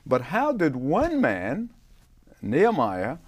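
A man's voice: on the high side, wildly swooping pitch, slow. An older man, a pastor being interviewed, answering in an emphatic preaching manner that swells on key words. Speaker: pastor guest.

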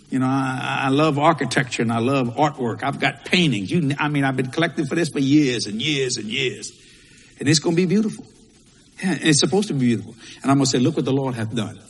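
A pastor with a slightly high, husky voice delivers a folksy sermon, repeating himself and leaning on Southern turns of phrase. Long hall reverb fills the recording.

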